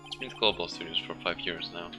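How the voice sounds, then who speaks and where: A man's voice: low-pitched, quick pace, music in the background, natural voice. A man reading game dialogue aloud, voicing a modest, earnest middle-aged male actor.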